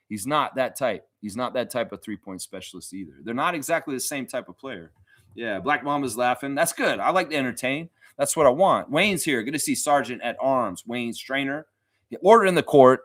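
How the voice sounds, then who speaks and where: A man's voice: medium pitch, fairly bright tone, no echo, studio quality. A man hosting a casual basketball livestream, reading chat messages aloud and reacting bluntly, with profanity and frequent laughter. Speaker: host of a daily basketball livestream.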